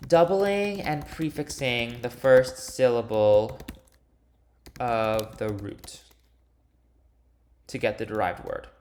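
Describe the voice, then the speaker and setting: A man's voice: medium pitch, slow pace, pauses often, a little mellow, slight background noise. A man teaching linguistics, walking through a homework solution step by step in a recorded lecture, with some fillers and restarts. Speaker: linguistics instructor.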